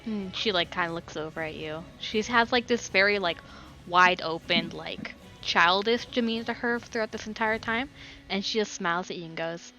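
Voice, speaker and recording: A woman's voice: medium pitch, normal speed, bright, forceful tone, soft background music. A woman game master narrating a tabletop game in a casual, filler-heavy way.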